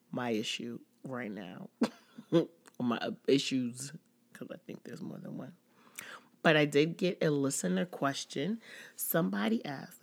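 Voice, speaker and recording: A woman's voice: extremely low pitch, vocal fry. A woman hosting a casual personal podcast, talking candidly and rambling with many "like"s. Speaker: podcast host.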